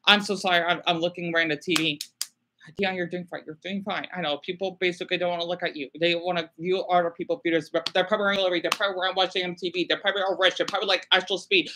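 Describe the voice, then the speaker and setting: A man on a small live stream, talking in a stressed, halting, apologetic way with many repeated words. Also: high-pitched, level tone, pushed and bright. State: stressed and distressed. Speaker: small YouTuber livestreaming. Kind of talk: emotional live stream talk.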